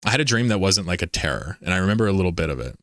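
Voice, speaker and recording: Man, casual livestream host, deep-ish voice, rambling, laughs a lot, dry sound. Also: big pitch swings, racing, a bit bright, no room sound. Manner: rambling, laughs often, reads chat aloud.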